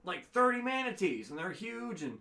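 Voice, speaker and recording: A man's voice: high-pitched, sing-song, normal speed, bright, forceful tone. A young man co-hosting a casual livestream, reading out donations and explaining things plainly.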